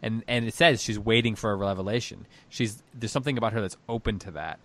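A man hosts a book discussion, thinking aloud as he works through a story's meaning. His voice sits a little low. He sounds reflective and unhurried. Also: a bit bright. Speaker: host.

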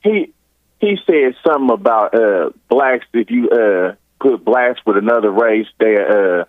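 A man's voice: lowish voice, lively intonation, a little slow, dry recording. A man from Ohio calling in, rambling and tacking "or whatnot" onto everything. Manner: rambling, says "or whatnot" constantly. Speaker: caller. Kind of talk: rambling phone call. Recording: tinny phone line.

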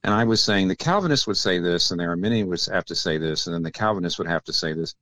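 A man speaking as a theologian guest in an interview, explaining ideas in a measured, teacherly way and often dropping into quiet asides. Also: sits low, lively intonation, dry recording.

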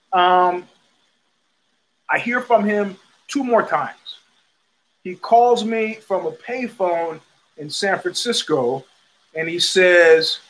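Middle-aged male host, high-pitched, swearing storyteller who acts out every quote. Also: rough recording. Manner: profane, animated storyteller acting out quotes. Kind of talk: storytelling monologue.

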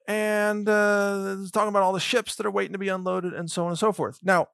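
A man's voice: sits high, little pitch movement, brisk, vocal fry, fairly bright tone, smooth, dry recording, studio quality. A male host giving a commentary monologue, reading news items aloud with sarcastic, mocking asides and laughing at his own points. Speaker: show host.

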